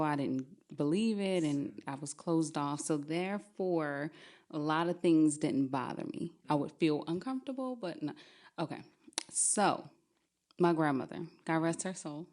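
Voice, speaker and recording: A young adult woman telling a true spooky story on a podcast, lively and often laughing as she talks. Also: deep voice.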